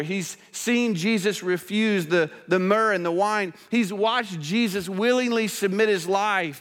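A male pastor delivering a sermon in a church, earnest and swinging between emphatic and hushed. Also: high-pitched. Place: church sanctuary. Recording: church hall reverb.

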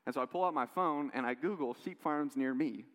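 A man preaching a sermon, telling stories in a lively way with quoted voices and asides. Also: medium pitch, fairly quick. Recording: long hall reverb.

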